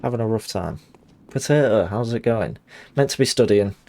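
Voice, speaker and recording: A man's voice: fairly low pitch, animated, moderate pace, noisy background. A man casually commenting on a game while greeting chat and laughing often. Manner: chatty, laughs easily, reads chat. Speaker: game streamer.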